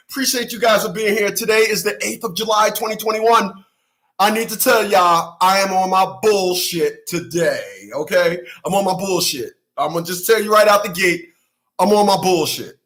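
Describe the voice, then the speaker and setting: Guy ranting on his channel, high bright voice, loud, keeps repeating himself. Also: expressive, moderate pace, rough recording. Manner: loud, emphatic, laughs often, repeats himself. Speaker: channel host. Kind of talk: heated commentary rant.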